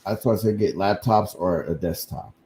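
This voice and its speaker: A man's voice: deep voice, moderate pace, a little mellow, a little hiss or hum. A man co-hosting a casual stream chat, talking loosely, swearing and trailing off. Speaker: co-host.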